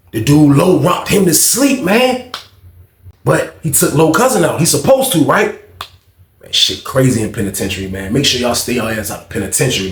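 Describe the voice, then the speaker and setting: A man telling a prison story in casual, animated slang, acting out quotes with loud high shouts and hushed asides. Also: echoey room. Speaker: storyteller vlogger.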